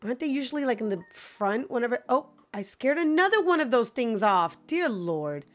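Speaking at a moderate pace in a fairly high, sing-song voice, a female gaming streamer talks with her viewers during a live broadcast. She laughs often and answers the game's characters into her microphone while soft music plays in the background.

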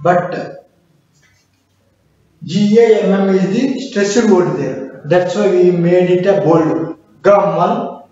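A man with a fairly high voice teaches a casual beginner's class, explaining slowly and drilling each sound. He is recorded far from the mic in a very echoey room. The sound is dull and muffled. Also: dark tone. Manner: explains slowly with repetition, drills pronunciation aloud.

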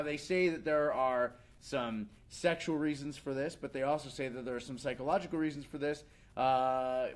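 A man in his thirties hosting a casual comedic rant, animated and slipping into mocking voices. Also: mid-range voice. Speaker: show host.

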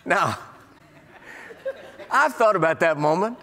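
A man giving a sermon as a guest preacher, an animated storyteller who acts out the voices in his stories. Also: high-pitched, normal speed. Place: large church sanctuary. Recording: long church hall reverb.

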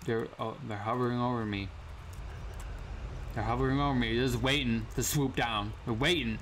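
A man's voice: mid-range voice, steady tone, normal speed, a bit bright, slight background noise. A young man casually commenting on a survival game, slangy and prone to sudden startled yelps. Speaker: gaming channel host. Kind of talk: gameplay commentary.

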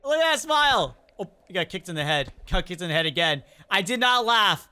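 A woman's voice: lowish voice, brisk. A young woman hosting a reaction video, chatting casually and exclaiming at funny clips. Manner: animated, exclaiming and questioning clips.

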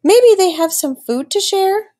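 A woman's voice: extremely high pitch, lively intonation, measured pace, warm tone, pitched above the performer's own voice. A woman voicing a hungry, grumpy old male wolf who growls and grumbles. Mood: hungry eager.

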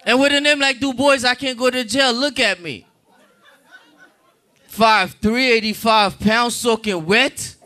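High-voiced joking stand-up comedian man. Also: steady tone, measured pace, pushed and bright. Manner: loose, joking, talks to the crowd. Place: comedy club in a diner.

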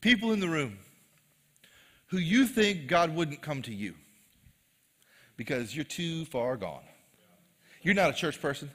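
A man's voice: on the high side, animated, measured pace, pauses often, a bit bright, long reverb tail. A man preaching a sermon to a live congregation, casual and joking in tone. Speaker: pastor. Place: live church service.

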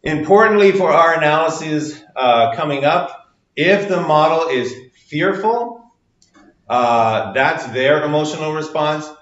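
A man's voice: fairly high pitch, expressive, unhurried, a bit bright. A man teaching a university psychology class, explaining step by step with many fillers and acting out little quoted exchanges. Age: adult with children. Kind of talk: recorded lecture. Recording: roomy lo-fi lecture recording.

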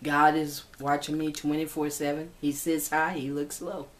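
A woman's voice: low voice, flat delivery, moderate pace. Tearful woman vlogging. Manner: tearful, heartfelt, talks to viewers as y'all. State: crying. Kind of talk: emotional personal vlog.

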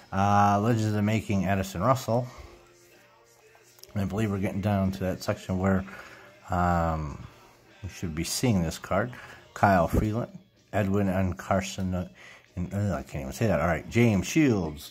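Man, middle-aged, deep voice, slow easygoing delivery, casual card-opening chat, reads names in a steady stream. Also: breathy edge. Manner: reads player names one after another, trips over names and corrects himself. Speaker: card collecting YouTuber.

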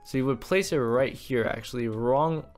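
A man's voice: mid-range voice, normal speed, faint music behind. A young man giving casual gameplay commentary as a YouTuber, chatty and thinking aloud with lots of fillers. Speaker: Minecraft YouTuber.

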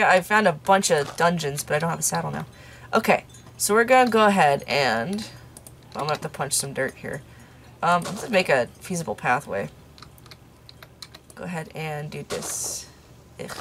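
A young woman talks through her game in a low, lively voice that swoops up and down as she rambles along. She mocks her own mistakes and drops into half-whispered asides to herself. A faint hiss of noise sits under her voice. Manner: rambling, self-mocking, mutters asides under her breath. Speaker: YouTuber playing a game. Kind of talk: let's play commentary. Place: room in her parents' home.

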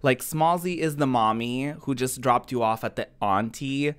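A woman streamer chatting casually over gameplay, giggly and excitable with sudden squeals. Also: rumbling low, normal speed, clean tone.

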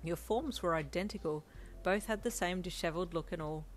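A woman narrating her own fanfiction in a steady, gentle storytelling voice. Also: fairly low pitch, brisk, faint music behind. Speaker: fanfiction reader. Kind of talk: scripted narration.

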